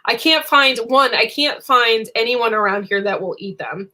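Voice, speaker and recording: A woman's voice: fairly high pitch, animated, normal speed, bright, forceful tone. Young adult woman, livestream host; bubbly, rambling, giggly chat. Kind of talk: casual live chat.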